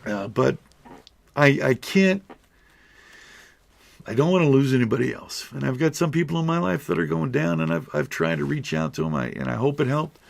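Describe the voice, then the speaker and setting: In a heartfelt talk aimed right at the camera, a middle-aged YouTuber rambles, restarts, and speaks with earnest emotion. His voice sits on the high side, creaky, at a moderate pace.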